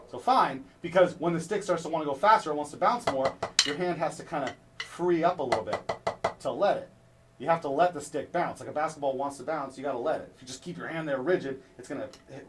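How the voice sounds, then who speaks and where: Man coaching drum technique from afar. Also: fairly high pitch. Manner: coaching, checks in with "right?" after each point. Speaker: drum instructor. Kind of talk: instructional demonstration. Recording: distant mic with clear background noise.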